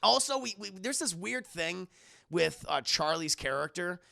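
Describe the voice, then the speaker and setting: Male streamer, casual profane film recap, bright edgy tone, talks to chat. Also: sits high, animated, measured pace, creaky. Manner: profane, rambling, keeps addressing chat.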